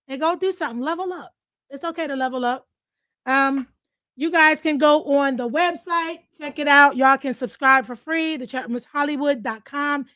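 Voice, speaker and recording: A woman's voice: high-pitched, a bit bright, dry recording, clean studio sound. A woman hosting a casual chat show, frank and emotional, with slang and cursing. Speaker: host.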